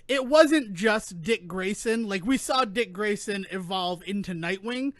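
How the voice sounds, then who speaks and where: A man co-hosting a podcast, chatting casually in an animated, rambling way that keeps interrupting itself. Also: high-pitched, unhurried, dry recording, studio quality. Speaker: podcast co-host. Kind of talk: casual chat.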